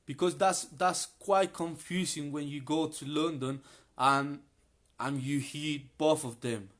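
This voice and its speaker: A man who is a guest in a live online English class, chatting in a friendly, relaxed way and explaining things plainly. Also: on the high side, slow pace. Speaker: guest sharing travel tips.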